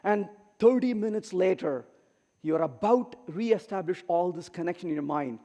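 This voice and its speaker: A man's voice: high-pitched, normal speed. A middle-aged man giving a humorous conference keynote, telling stories and acting out the lines of the people in them. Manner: animated, acts out quoted dialogue. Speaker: keynote speaker. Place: large conference hall. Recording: reverberant hall.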